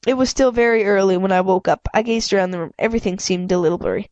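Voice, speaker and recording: An amateur audiobook reader, a woman with a stuffy head cold, reads a story aloud at home in a casual, unpolished way, often stumbling and restarting words. Her voice is middle-pitched, a little mellow, and quick. The sound is dry and close, with no room echo.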